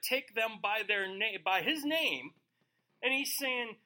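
A man's voice: high voice, animated, slow, bright, forceful tone. A male pastor teaching verse by verse in a conversational way, acting out quoted voices.

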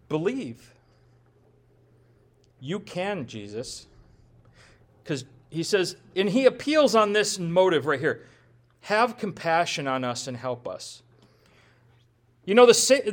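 A man's voice: on the high side, fairly bright tone. A male pastor preaching a sermon in a conversational way, with rhetorical questions and self-deprecating humor.

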